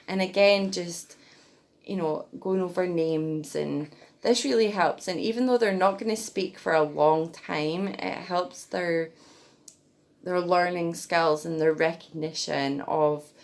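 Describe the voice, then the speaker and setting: A young woman with a fairly low voice and a gravelly, creaky edge. She talks in a chatty, gentle way, like a mum passing on tips in a casual vlog. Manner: chatty, gentle, breaks into sing-song baby talk. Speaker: parenting vlogger.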